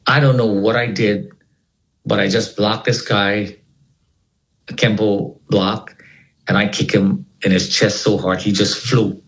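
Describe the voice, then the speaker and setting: A man as an interview guest, telling a personal story in an animated way and acting out the voices of the people in it. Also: on the low side, unhurried, rough recording.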